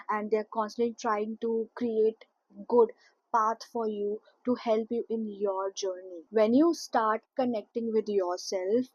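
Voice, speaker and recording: A woman's voice: fairly high pitch, darkish tone, breathy edge, dry recording, highs cut off. A woman speaking earnestly to her audience about spiritual growth, emphatic and repetitive as she stresses each point. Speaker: spiritual content creator. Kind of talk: spiritual guidance talk to camera.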